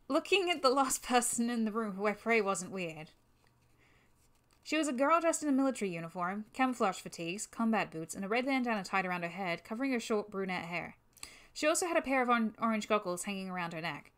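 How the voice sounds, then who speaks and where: A woman reading a fan-made game story aloud on a livestream, her voice a touch high. She narrates casually into a new microphone. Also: fairly bright tone. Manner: casual, with swearing asides.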